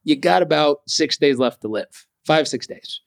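A man's voice: fairly high pitch, lively intonation, moderate pace, gravelly. A man quoting a blunt, matter-of-fact doctor.

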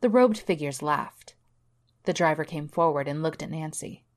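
A woman narrating a scripted horror story for a storytelling podcast in a steady manner. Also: low voice, moderate pace.

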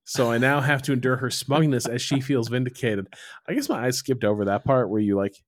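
A man's voice: mid-range voice, brisk, no echo, clean studio sound. Male co-host, laid-back, casual swearing, mid-range voice. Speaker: podcast co-host. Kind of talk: casual chat.

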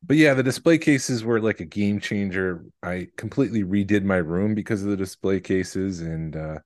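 Low-voiced wry podcast co-host man. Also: moderate pace, a little mellow, no room sound, clean studio sound. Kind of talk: casual chat.

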